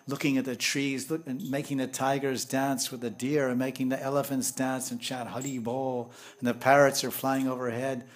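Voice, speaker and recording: Man, devotional storyteller, mid pitch, swings between hushed and loud, Hindi and Sanskrit words. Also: normal speed. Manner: animated, acts out voices and laughter, swings from hushed to loud; Sanskrit and Hindi terms woven into English. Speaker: spiritual teacher.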